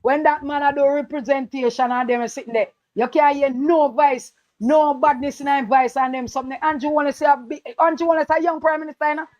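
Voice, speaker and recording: A woman's voice: sits high, fairly even intonation, brisk, hardly any pauses, a little mellow, dry recording. A woman with a Jamaican Patois accent, calling in to talk politics, emphatic and repeating her points. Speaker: caller. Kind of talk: impassioned political call-in talk.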